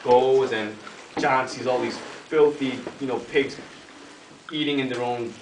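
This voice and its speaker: A man's voice: medium pitch, fairly even intonation, a little slow. A man telling a long joke in a casual, meandering way, stuffing in "like" and "you know" and slipping into laughter. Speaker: joke teller. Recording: echoey room, distant mic, noisy home video.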